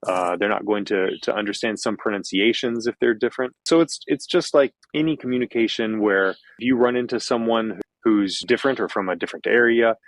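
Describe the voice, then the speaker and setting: A man from Kentucky with a General American accent, a former visa officer calmly explaining in an interview and repeating his key points. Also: lowish voice, fairly quick, few pauses, no room sound, low-quality recording. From Kentucky, USA. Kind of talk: interview answers.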